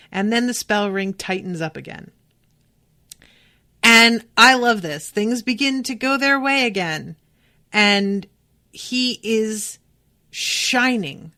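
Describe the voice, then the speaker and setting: A young adult woman hosting a podcast, reading a novel aloud and breaking off into casual, profane, excited reactions. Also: medium pitch, slow pace. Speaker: podcast host.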